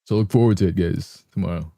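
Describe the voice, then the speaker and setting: A young man streaming live, talking easily and softly with his chat. His voice is deep and very dark, still a little rough from the morning, and he keeps clearing his throat. The sound is close and dry, with no room around it. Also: fast talker, no echo. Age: young adult.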